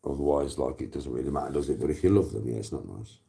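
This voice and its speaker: A man with a very deep voice chats casually with his viewers. He swears freely and wanders through long, rambling anecdotes. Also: fast talker, vocal fry, dark tone.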